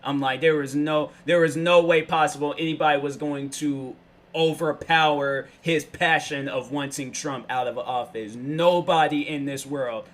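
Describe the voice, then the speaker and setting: A man's voice: on the high side, steady tone, normal speed. A young man hosting his own show, talking in a casual, slangy monologue that rambles and keeps losing its thread. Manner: rambling, slangy, loses his train of thought. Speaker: show host. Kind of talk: casual solo vlog monologue.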